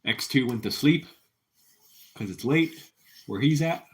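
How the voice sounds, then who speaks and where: A man's voice: mid-range voice, expressive, measured pace. A man hosting a casual live stream, rambling easily as he chats with viewers and his cat. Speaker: livestream host.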